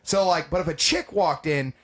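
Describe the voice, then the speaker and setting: A young man co-hosting a podcast, telling crude comedic stories in a loud, profane, animated way that breaks into shouting. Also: on the high side, moderate pace. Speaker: podcast co-host.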